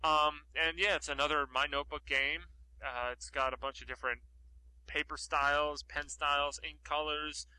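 A man's voice: a little high, flat delivery, moderate pace, pushed and bright, smooth, low-quality recording. A man co-hosting a podcast in casual chat, rambling with lots of fillers. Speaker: podcast co-host.

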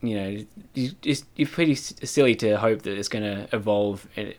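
A man co-hosting a podcast, talking in a relaxed, rambling way with plenty of fillers. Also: on the low side, moderate pace. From Australia. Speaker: podcast co-host. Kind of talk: casual chat.

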